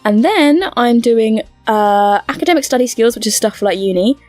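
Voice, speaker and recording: A young woman chats to the camera in a bubbly, rambling way, tripping over her words and leaning on fillers. Her voice sits a little high, and the sound is close and dry. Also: animated, moderate pace, a little mellow, no echo, soft background music. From United Kingdom. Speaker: YouTuber. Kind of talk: casual to-camera update chat.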